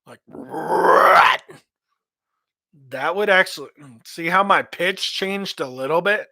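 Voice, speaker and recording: A man's voice: high-pitched, normal speed, pushed and bright, no room sound. A man, a metal vocalist, giving rambling casual advice on singing, repeating himself as he goes. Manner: rambling, repeats words, demonstrates screams and growls.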